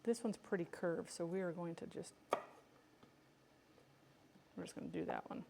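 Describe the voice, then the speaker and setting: A woman's voice: fairly low pitch, huge pitch swings, normal speed, vocal fry, heavy background noise. Woman yakking to her viewers while canning, jokey and goofy with herself. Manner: chatty, joking, self-teasing, talks to viewers by name. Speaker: home canning vlogger. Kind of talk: casual cooking livestream chat.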